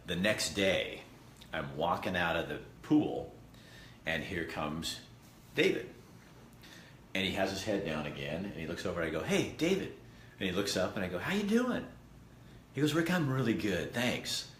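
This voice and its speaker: Deep-voiced man telling an earnest story. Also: moderate pace, a bit bright. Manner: rambling, earnest, with restarts and asides to viewers. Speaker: host. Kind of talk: casual storytelling vlog. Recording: echoey room with faint background noise.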